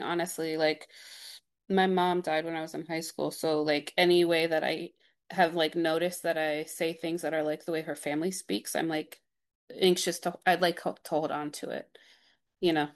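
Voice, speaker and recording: A woman's voice: fairly low pitch, steady tone, moderate pace. A young woman from Ohio, a radio producer, answering interview questions thoughtfully, with frequent "like" and "um" and rising, question-like endings. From Cincinnati, Ohio.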